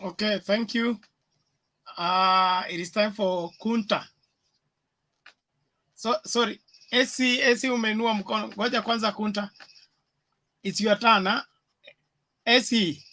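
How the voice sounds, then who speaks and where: A moderator briskly calling on speakers in an online discussion. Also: mid-range voice, fairly even intonation, bright, forceful tone. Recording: faint, distant online call audio.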